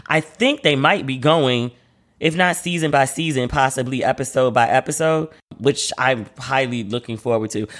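A man's voice: medium pitch, a bit bright. A man hosting a casual solo podcast, chatty and slangy, who often acts out the voices of people he quotes. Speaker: podcast host.

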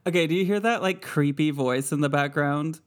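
A woman's voice: sits low, normal speed, heavy background noise. A woman hosting a podcast in casual chat, playful and laughing often, with rambling asides. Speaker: podcast host.

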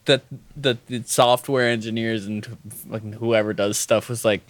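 A man's voice: on the low side, steady tone, normal speed. A young man co-hosting a podcast, telling stories animatedly and laughing. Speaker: podcast co-host. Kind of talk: casual chat.

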